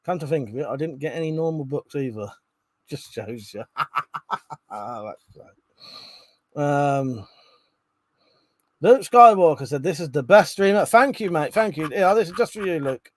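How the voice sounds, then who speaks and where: A man's voice: a little high, animated, unhurried, pauses often, no echo. A man hosting a live stream, chatting casually and reading out viewer comments, laughing often and swearing freely.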